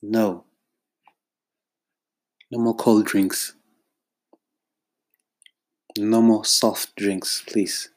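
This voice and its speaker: Slow, emphatic South African man. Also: on the low side, little pitch movement, darkish tone. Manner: emphatic, exasperated, drawn-out phrasing. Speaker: freelance creative professional. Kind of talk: direct-to-camera monologue.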